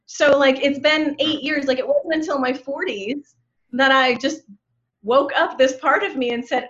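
A woman's voice: sits high, a little slow, fairly bright tone. A woman of fifty, a relationship coach, talking openly and reflectively in a casual conversation, with many likes and ums. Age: 50s. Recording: dull lo-fi sound.

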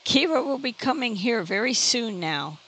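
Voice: medium pitch, sing-song, normal speed, a bit bright, pitched above the performer's own voice. A narrator voicing a defeated, weary father who mumbles. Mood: pleading. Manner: mumbling, downcast.

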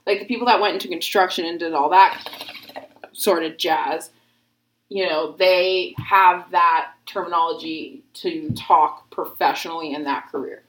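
A woman's voice: fairly low pitch, fairly even intonation, a little slow, fairly bright tone, reverberant, poor audio. A young woman in her twenties chatting casually, rambling with lots of filler words and swearing. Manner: rambling, heavy use of filler "like", frequent swearing. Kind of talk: casual chat.

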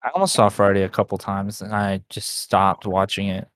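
A man's voice: lowish voice, steady tone, normal speed, a bit bright, no room sound. Laid-back young man, dry close sound. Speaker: podcast co-host. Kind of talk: casual chat.

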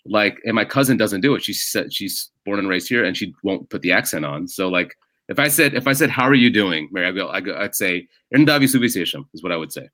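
This low-pitched, American-raised comedian talks fast with a sharp tone and lively intonation, recorded dry. As a stand-up guest on a casual podcast, he tells rambling stories, frequently stopping and restarting, interrupting himself as he goes.

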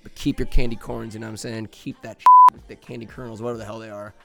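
Dude from norcal doing a rambly crude comedy podcast, laughs a lot. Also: male voice, mid-range voice, fast talker, creaky, over music. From Northern California. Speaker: podcast host.

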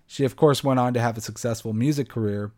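A young man talks through a film review on his podcast in a loose, casual way. He is blunt and sarcastic and swears freely. His voice sits at an ordinary middle pitch. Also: quick pace, darkish tone. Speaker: podcast host.

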